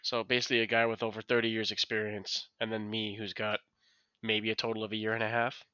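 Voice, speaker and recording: A man chatting on a podcast, his voice bright and forward, heard close and dry. He tells his stories with animated energy and curses casually. The sound is a little dull and lo-fi. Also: on the low side, quick pace, clean tone, dry recording. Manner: animated storytelling, swearing freely. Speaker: podcast co-host. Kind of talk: casual chat.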